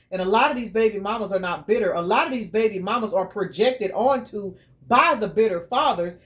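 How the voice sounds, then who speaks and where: A middle-aged woman giving a casual tarot reading, blunt, profane and preachy. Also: medium pitch. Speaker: tarot reader.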